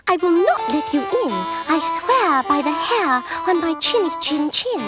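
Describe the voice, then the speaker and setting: A small timid piglet with a squeaky, piping voice, as a woman reader puts her on. Her pitch jumps high and all over, and loud music plays underneath. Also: sing-song, a little slow, full character voice. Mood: frightened. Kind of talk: storybook reading with voices.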